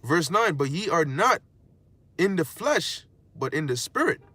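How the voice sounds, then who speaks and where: High-pitched guy teaching scripture, bright sharp voice, street talk, curses a bit. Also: sing-song, a little slow, breathy edge, no room sound. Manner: slangy, streetwise, blunt with occasional cursing; keeps checking in with listeners. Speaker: preacher.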